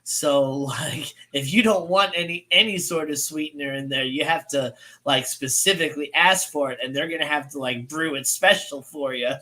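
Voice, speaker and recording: A man's voice: a little high, normal speed, pushed and bright. A man in his thirties from St. Louis, Missouri, co-hosting a casual livestream, rambling with many fillers and laughing often. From United States. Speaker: co-host.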